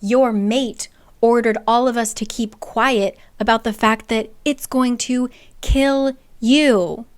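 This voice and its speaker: A woman's voice: a little high, steady tone, slow, clean tone. A woman voicing a fierce, furious young warrior woman who curses and cuts at people. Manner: angry, cursing, cutting.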